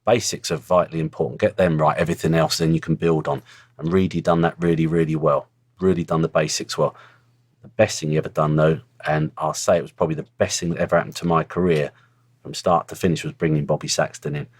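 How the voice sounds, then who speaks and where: Blunt middle-aged ex-pro, very low voice, close dry sound, casual storyteller. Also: male voice, little pitch movement, fast, slightly rough, no echo. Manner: blunt, earthy storytelling with swearing. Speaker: former footballer, guest. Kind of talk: casual interview chat.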